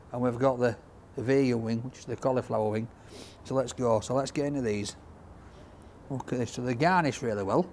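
A man's voice: mid-range voice, darkish tone, slight background noise. Jokey man reviewing food. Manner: chatty, jokey banter. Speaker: takeaway reviewer. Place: outdoor makeshift greenhouse, cold.

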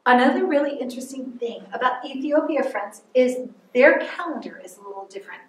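A woman presenting a library lesson to children, speaking slowly and patiently and sounding out words for them. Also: sits high, lively intonation. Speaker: library program host teaching children. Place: library room. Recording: echoey room, voice far from mic.

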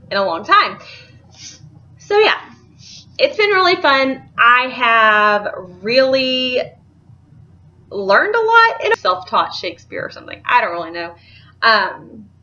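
A woman's voice: fairly high pitch, pushed and bright, muffled recording. A young woman, chatting casually and rambling about books she bought, laughing easily. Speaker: book vlogger. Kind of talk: casual chat.

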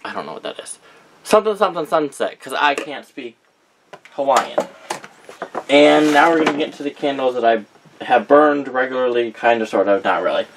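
A young man vlogs about his candle collection at a normal speed, his mid-range voice set against background noise. It's a rambling, casual chat where he reads out names and keeps correcting himself.

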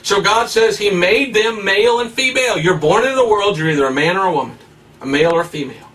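A man's voice: high voice, animated, fast, bright, forceful tone, distant mic. A man preaching a sermon in a fiery, emphatic way, full of rhetorical questions.

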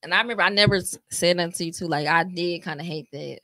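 A woman's voice: fairly low pitch, quick pace, bright, forceful tone, no echo. A young woman in casual chat, recalling a painful night rawly and swearing casually. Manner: raw emotional recollection with casual swearing.

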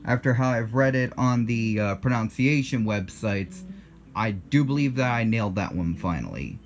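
A man's voice: fairly low pitch, lively intonation, moderate pace. A man in his twenties with an American accent hosts his own video, talking casually in a blunt, defensive way and correcting himself in asides. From United States. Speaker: channel host.

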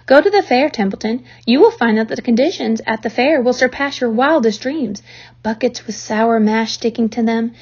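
A woman's voice: on the high side, normal speed, darkish tone, breathy edge. A woman voicing a worldly old sheep who coaxes at length, heard on a dull lo-fi recording. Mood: persuasive. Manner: lists things at length, coaxing.

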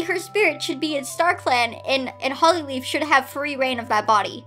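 A woman's voice: sits high, moderate pace, fairly bright tone, faint music behind. A woman host reading a story aloud and breaking off with incredulous, laughing asides. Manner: incredulous, laughing asides between read lines.

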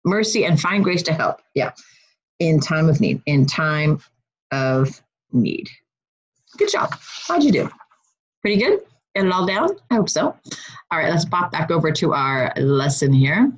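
A woman's voice: low voice, highs cut off. A woman teaching a Bible study lesson in a casual, chatty way. She often breaks off to correct herself, and she has a runny nose. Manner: chatty, self-interrupting, laughs at herself.

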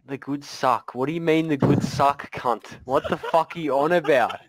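A man's voice: a little high, moderate pace, no echo, rough recording. A young man chatting with friends while gaming, swearing heavily through a mocking rant. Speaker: gamer. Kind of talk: casual chat while gaming.

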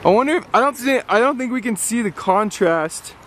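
A man chatting casually on a home video, with excitable exclamations and laughter. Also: extremely high pitch, a little fast. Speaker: friend filming a snowboarding trip. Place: outdoors on a mountain, partly in a car. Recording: camcorder audio with clear outdoor noise.

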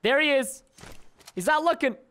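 A young man with a very high, pushed, bright voice talks animatedly at normal speed, with slight background noise. He's a gaming YouTuber doing casual commentary, chatty, pretending to grumble, and joking with viewers.

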